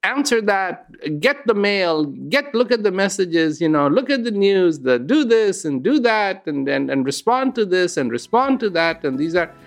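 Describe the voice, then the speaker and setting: A middle-aged man giving a reflective inspirational talk, unhurried and storytelling, with sudden lifts in pitch. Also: big pitch swings. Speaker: host, speaker.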